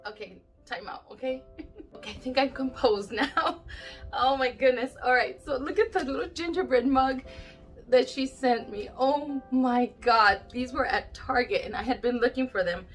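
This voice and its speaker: Faint music plays behind this high-pitched woman, who speaks at a moderate pace. A YouTube crafter, she opens friend mail from viewers on her vlog, chatting casually, gushing with frequent exclamations and gasps, and nearly crying, eyes teary.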